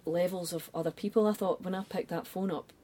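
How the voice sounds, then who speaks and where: A woman's voice: on the low side, fairly quick, slight background noise. A middle-aged Scottish woman, a design agency founder, chatting as an interview guest and acting out quoted voices with swearing and laughs. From Scotland. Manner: animated storyteller, acts out quoted voices, swears, laughs often. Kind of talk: casual interview chat.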